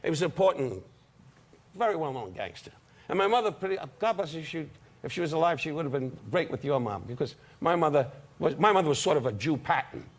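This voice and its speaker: A man's voice: on the high side, very animated. An older man, a guest comedian trading needling insult-comedy banter in a television studio. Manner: brash, needling, rapid-fire put-downs. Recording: studio audience laughter, noisy broadcast.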